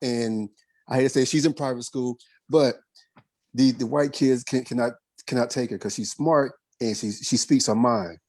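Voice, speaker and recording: A man's voice: medium pitch, moderate pace, a little mellow. Earnest man in a group conversation. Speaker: discussion participant, parent.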